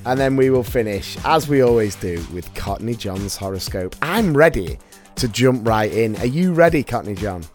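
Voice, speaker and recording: Brief: male podcast host, animated delivery, playful and upbeat. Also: mid-range voice, normal speed, soft background music. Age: adult dad. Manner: lively, jokey, enthusiastic. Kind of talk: casual podcast banter.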